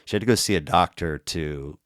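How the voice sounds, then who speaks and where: A low-pitched man with a smooth, resonant voice, recorded close and dry. He chats loosely and profanely, piling up fillers and restarts as he tells his story. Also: fairly quick, a bit bright, no room sound. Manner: profane, rambling, filler-heavy. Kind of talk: casual storytelling chat.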